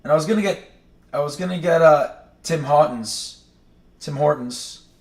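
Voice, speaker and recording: Casual New England streamer, rambling and chatty, recorded in a roomy space with the mic set back. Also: male voice, fairly high pitch, normal speed. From New England, Maine. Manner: rambling, chatty, self-correcting. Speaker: livestream host. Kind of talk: casual chat. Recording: echoey room, distant mic.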